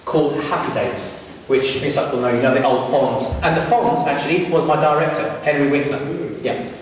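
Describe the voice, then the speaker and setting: A man's voice: mid-range voice, moderate pace, slight background noise. Chatty man telling stories in a hall. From Britain. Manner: chatty, asks the audience questions. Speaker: entertainer speaking to young people. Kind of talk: storytelling talk to a live audience. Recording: echoey hall from far off.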